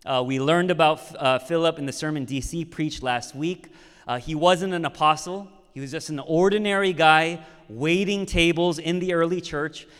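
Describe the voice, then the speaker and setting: A man's voice: a little high, normal speed, a bit bright, smooth, in a large hall. A man who is a pastor, preaching a sermon and telling a personal story in an easy, conversational way, with frequent "right?" asides.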